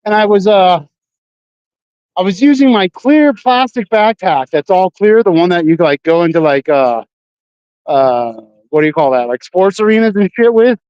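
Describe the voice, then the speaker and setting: A man with a high voice chats casually to his stream while out on the streets at night. He rambles, swears freely and leans on fillers. The sound is dull and lo-fi, dry and close. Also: expressive, moderate pace, a little mellow, clean tone, no room sound. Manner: rambling, profane, full of fillers. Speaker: livestreamer. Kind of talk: casual livestream chat. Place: outdoors on city streets at night.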